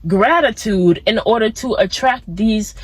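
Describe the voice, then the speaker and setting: On a low-quality recording with no room sound, a young woman speaks at a measured pace in a husky, high-leaning voice. She's outdoors among plants, rambling through a casual motivational vlog and getting sidetracked in a laid-back manner.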